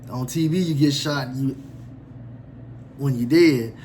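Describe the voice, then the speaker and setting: A man telling a personal story in a somber, reflective, halting way. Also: medium pitch, darkish tone, a little hiss or hum.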